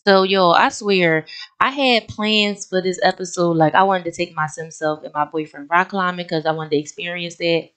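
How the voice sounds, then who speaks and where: A young woman hosting a life-sim let's play, talking casually and excitedly straight to her viewers, often breaking into exclamations. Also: lowish voice, moderate pace. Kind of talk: casual gameplay commentary.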